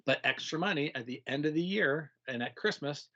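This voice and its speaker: A middle-aged man, a retired teacher, telling stories in a casual conversation, animated and laughing often, acting out kids' voices. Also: fairly high pitch, fairly quick, highs cut off.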